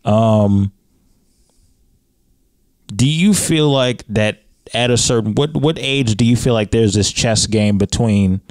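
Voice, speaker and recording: A man hosting a casual podcast conversation, leading with questions and pitching up when he presses a point. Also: slow, pauses often, a little mellow, no room sound. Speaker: podcast host.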